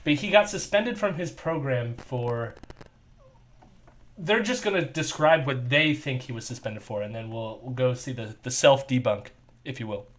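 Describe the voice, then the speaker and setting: A man's voice: mid-range voice, moderate pace. A man hosting a stream, giving casual, profane commentary on video clips and laughing often. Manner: animated, laughs often, swears freely. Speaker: stream host.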